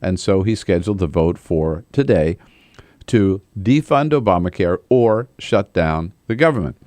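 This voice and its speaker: Low-voiced male talk radio host. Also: measured pace, no room sound. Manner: animated, mocks politicians with put-on voices. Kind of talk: political commentary.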